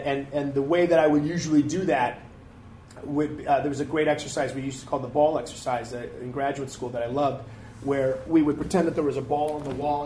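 Animated man telling stories in an echoey room. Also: mid-range voice. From Detroit, USA. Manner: animated storytelling with frequent restarts and laughs. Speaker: actor and comedian, interview guest. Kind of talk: candid conversational interview. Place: live interview before an audience. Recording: echoey room, faint ambient noise.

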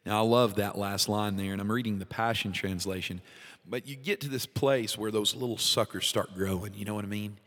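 Heartfelt low-voiced man in echo. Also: fairly quick. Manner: casual, heartfelt, expressive, laughs often. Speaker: podcast host, worship leader. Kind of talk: devotional teaching talk.

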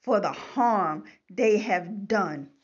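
Woman Bible teacher, unhurried, emphatic, keeps asking "okay?", muffled low-fi sound. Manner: emphatic, repeats "okay?" to the listener. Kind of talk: preaching commentary on scripture. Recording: slightly dull lo-fi recording.

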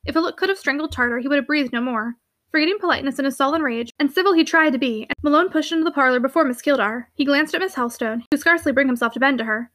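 Fast, high-voiced woman narrating a classic novel. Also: pushed and bright. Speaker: audiobook narrator.

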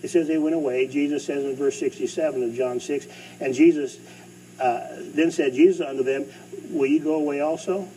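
Middle-aged pastor guy preaching, mellow voice, kinda far from the mic w a faint hum. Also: mid-range voice, fairly quick. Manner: lively preaching, swings between loud and hushed. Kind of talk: sermon.

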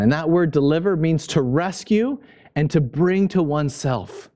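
A male pastor preaching a sermon, passionate and emphatic, pushing his pitch up to stress points. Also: normal speed, warm tone.

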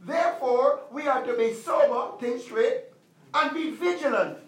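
A male pastor preaching a sermon, emphatic, repeating commands and slowing down to stress them. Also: extremely high pitch, reverberant, recorded from a distance, low-quality recording.

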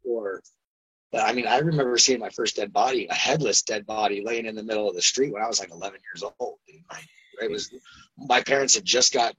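A man from Phoenix, a guest on the podcast, talking in a relaxed, casual way and saying "dude" a lot. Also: on the low side, brisk, husky, no echo, dull audio. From Phoenix, Arizona. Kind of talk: casual chat. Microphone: remote call.

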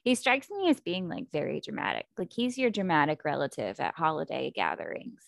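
An American woman hosting a casual book-club chat, talking in a chatty, animated way with lots of fillers. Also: deep voice, a little fast, gravelly, dry recording, clean studio sound.

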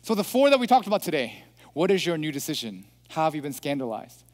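A man's voice: fairly high pitch, big pitch swings, fast. A man preaching a sermon in a reflective way, putting questions to his listeners.

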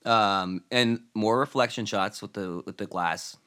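A man's voice: fairly low pitch, a little slow, smooth. A man co-hosting a casual chat about a TV episode, rambling through scenes with many restarts. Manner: rambling, many fillers and restarts, drops into quiet asides. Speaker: podcast co-host.

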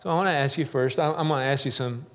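Middle-aged pastor preaching in reverberant hall. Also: male voice, medium pitch, racing. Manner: earnest preaching with rising emphasis and repeated phrases. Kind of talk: sermon. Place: church sanctuary. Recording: long reverb of a large church hall.

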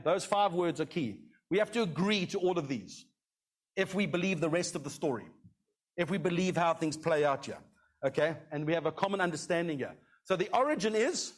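High-voiced male pastor preaching. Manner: conversational, repeats "okay?" to the congregation. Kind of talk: sermon.

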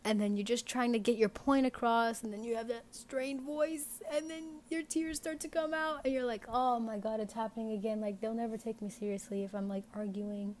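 A woman's voice: fairly high pitch, fairly even intonation, normal speed, hardly any pauses, darkish tone. A young woman hosting an unscripted podcast, talking casually and rambling with many fillers. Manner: rambling, lots of "like" fillers, candid. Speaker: podcast host.

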